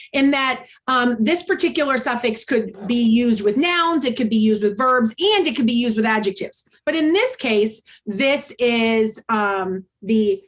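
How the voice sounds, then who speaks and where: Her voice sits a little high as this American woman runs an interactive teacher workshop online via video call. She's cheerful and talkative, with frequent ums.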